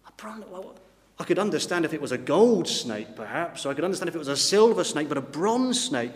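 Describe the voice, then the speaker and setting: A man's voice: on the high side, expressive, a little fast. A man preaching a sermon, retelling the story dramatically and voicing the doubts of the crowd. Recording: long reverb of a church hall.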